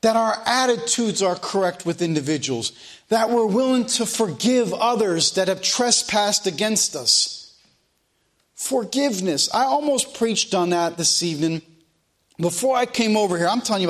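A man preaching a sermon, folksy and repeating phrases for emphasis. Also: high-pitched.

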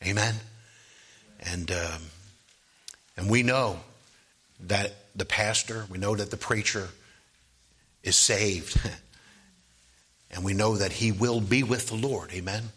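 A man preaching a sermon, moving from quiet asides to loud, rising preaching and asking "Amen?". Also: on the low side, slow, long pauses, breathy edge.

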